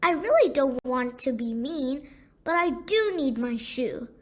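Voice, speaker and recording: A woman's voice: high voice, lively intonation, unhurried. A woman voicing a young girl in a children's storybook, speaking firmly and earnestly. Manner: firm, earnest. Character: little girl, firm but kind.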